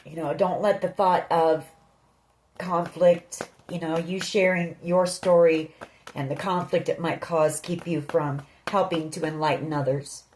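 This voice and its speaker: A woman's voice: sits low, steady tone, a little slow, a little mellow, a little hiss or hum, rough recording. Earnest woman giving a tarot reading. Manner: earnest, addresses listener directly. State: emotional. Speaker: tarot reader.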